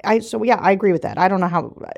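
Woman, podcast co-host, casual chat, laughs a lot, animated, very expressive pitch. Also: rapid-fire, creaky. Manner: animated, laughs often, trails off and restarts.

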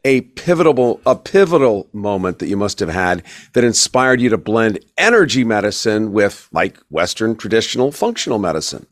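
Male podcast host, low and animated, playful asides, dry studio sound. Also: normal speed, no room sound. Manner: playful, emphatic, jokey asides.

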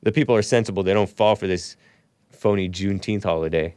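A man's voice: low-pitched, brisk, a little mellow, dry recording. Sarcastic male host, solo commentary, dry close-mic studio sound. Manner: sarcastic, mocking asides, laughs at own remarks. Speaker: talk show host. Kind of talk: solo commentary, reading news aloud with asides.

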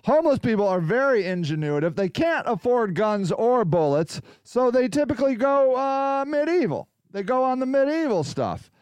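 A man's voice: very high-pitched, big pitch swings, normal speed, few pauses, darkish tone, clear, resonant tone, dry recording. A male podcast host in a rambling, casual livestream chat, reacting to viewer comments as he goes.

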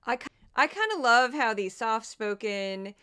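Casting: woman podcast host, sarcastic and chatty, smooth higher voice. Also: very animated, a little slow, pushed and bright. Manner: chatty, sarcastic, laughs often. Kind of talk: casual commentary.

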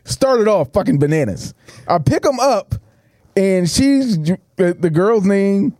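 A man's voice: high-pitched, slow pace, no echo. A man hosting a casual podcast, telling crude stories with lots of laughs. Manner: crude, laughing, animated storyteller. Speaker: podcast host. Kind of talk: casual sports podcast banter, storytelling.

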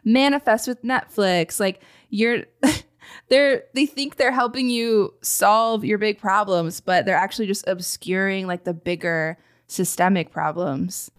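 A woman co-hosting a podcast in casual chat, measured and critical, with lots of fillers. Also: mid-range voice. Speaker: podcast co-host.

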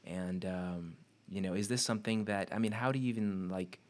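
A man hosting a casual interview, asking questions in a relaxed, filler-heavy way and livening up when he tells stories. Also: sits low, a little fast. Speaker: podcast host.

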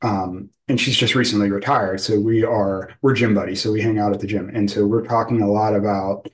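A man's voice: fairly low pitch, steady tone, brisk, rough recording. A man interviewing a guest, talking loosely and searching for words, with many fillers. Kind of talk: casual conversational interview.

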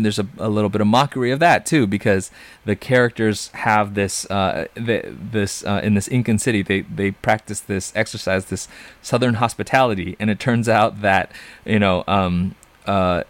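A man giving a casual spoken book review, thoughtful and digressive, often breaking into chuckles. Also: fairly low pitch. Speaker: comics reviewer.

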